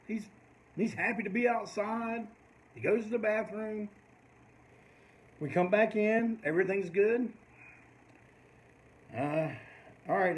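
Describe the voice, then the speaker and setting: A man's voice: high-pitched, low-quality recording. An older man, telling a long rambling story in casual talk and swearing freely. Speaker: host of a live stream.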